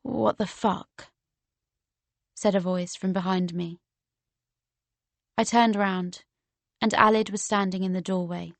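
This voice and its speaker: A woman's voice: fairly low pitch, fairly even intonation, a little slow, pauses often, no room sound. Woman narrating an audiobook, dry sound. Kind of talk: first-person audiobook narration.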